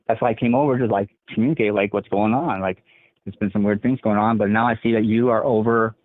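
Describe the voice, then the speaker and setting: A man calling in to a radio show, telling a story in a rambling, halting way with many fillers. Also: lowish voice, steady tone, no room sound. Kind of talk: casual storytelling on a call. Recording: tinny phone line.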